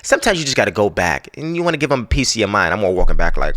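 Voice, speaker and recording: A man's voice: fairly low pitch, very animated, racing, few pauses, fairly bright tone. A man hosting a podcast, telling a story in a casual, profane, exasperated rant. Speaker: podcast host.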